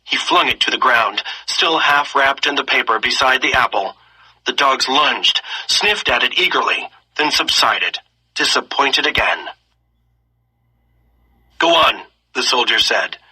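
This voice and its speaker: A man reads a story aloud, expressive and steady, stopping now and then to ask lesson questions. His voice is very bright and sharp-edged, with a husky, breathy grain. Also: medium pitch, unhurried, low-quality recording. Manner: expressive reading, slipping into character voices. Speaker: story reader.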